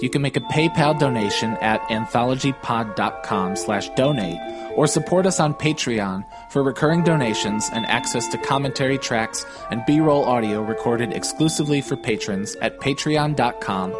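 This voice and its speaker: A man reading a podcast outro in a steady, even scripted way. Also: medium pitch, normal speed. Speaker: podcast announcer. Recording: voice over loud music. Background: loud music bed.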